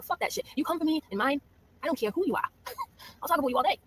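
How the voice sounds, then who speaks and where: Woman streamer, fast talker, scornful, profane, mock-sympathetic commentary. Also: on the high side, expressive, breathy edge, rough recording. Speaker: YouTube streamer. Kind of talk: mocking livestream commentary.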